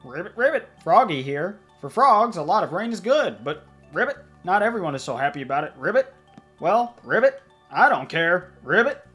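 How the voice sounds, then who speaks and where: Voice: mid-range voice, very animated, moderate pace, fairly bright tone, soft background music. Player doing a chill frog guy, ribbits all over, bouncy voice. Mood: carefree. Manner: croaks ribbit between phrases. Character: cheerful male frog character.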